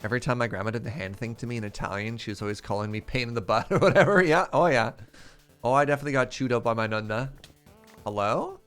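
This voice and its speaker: A man's voice: mid-range voice, quick pace, a bit bright, clear, resonant tone, soft background music. A man chatting casually on a live stream while gaming, answering chat questions, telling stories and laughing often. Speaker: streamer playing a modded block-building game.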